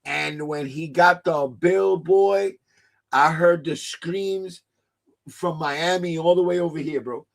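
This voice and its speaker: A man's voice: a little high, takes it slowly, vocal fry. A man, hosting a casual livestream, loose and joking and swearing freely. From New York. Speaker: livestream host.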